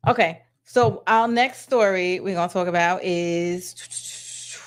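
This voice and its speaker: A woman's voice: fairly low pitch, slow, clear, resonant tone. A woman hosting a casual celebrity gossip vlog, blunt, slangy and sassy, talking straight to her viewers. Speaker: gossip vlogger.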